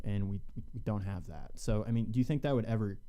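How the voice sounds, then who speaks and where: A man's voice: lowish voice, fast talker. A man co-hosting a political podcast, talking in a loose, hesitant way with frequent fillers. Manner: relaxed, hesitant, many fillers. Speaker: podcast co-host. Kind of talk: casual political commentary.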